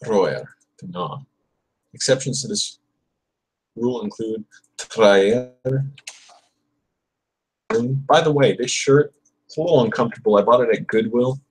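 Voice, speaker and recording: A young man with a husky, somewhat low voice, working through a casual livestream study session. He repeats verb drills over and over and drops muttered asides between them. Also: lively intonation, a little slow, long pauses. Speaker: channel host studying Spanish.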